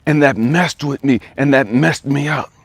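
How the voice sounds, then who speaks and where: A man's voice: mid-range voice, moderate pace, slightly rough, no echo. A man retelling a tearful young woman's words, with a raised, pleading voice in a dry setting. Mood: confiding. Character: tearful young woman confiding past abuse.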